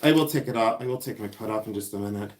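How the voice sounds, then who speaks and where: A man hosting a casual live stream, chatty, excitable and self-mocking as he shows vintage finds indoors. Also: lowish voice, rapid-fire, a little hiss or hum. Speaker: livestream host selling vintage finds. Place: indoors at home, seated with items.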